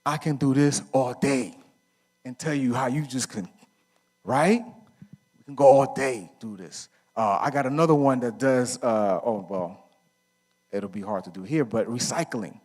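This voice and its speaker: Speaking a little slowly in a mid-range voice with a darkish tone, this middle-aged man addresses a men's conference. His talk is casual and packed with stories, and he asks the crowd questions only to answer them himself, tossing in slang and fillers such as "right?"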